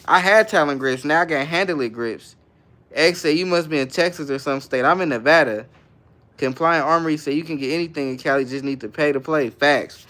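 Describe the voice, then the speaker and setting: A young man from the San Francisco Bay Area hosts a livestream, casually reading viewer comments aloud and answering each one in a laid-back, slangy style. His voice is fairly high-pitched and a bit bright, and he talks a little fast.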